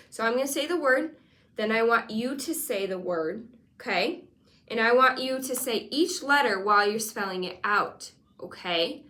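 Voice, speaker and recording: A woman teaching a one-on-one spelling lesson, patient and encouraging, sounding out letters slowly. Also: on the high side, bright, forceful tone. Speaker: reading teacher.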